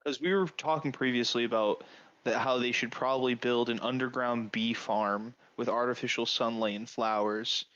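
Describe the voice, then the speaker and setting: A man's voice: medium pitch, fairly even intonation, normal speed, a bit bright, dry recording, muffled recording. A man co-hosting a casual podcast, laid-back as he wraps up topics. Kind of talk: casual chat.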